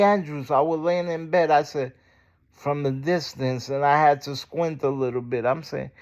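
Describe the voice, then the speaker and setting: A man's voice: fairly high pitch, highs cut off. A man ranting in a casual vlog, heated, profane and indignant. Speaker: vlogger. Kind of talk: angry casual rant to camera.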